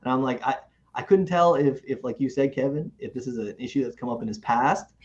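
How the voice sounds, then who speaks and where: A man co-hosting a show in casual chat, talking in an animated way, often restarting and repeating himself. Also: medium pitch, fairly quick. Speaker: podcast co-host. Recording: muffled lo-fi recording.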